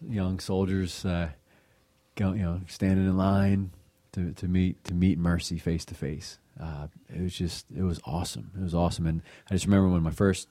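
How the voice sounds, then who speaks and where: A man's voice: deep voice, level tone, normal speed, mellow, dry recording. A man sharing a devotional reflection in a conversational way, with many fillers and repeated words. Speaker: co-host of a faith reflection show.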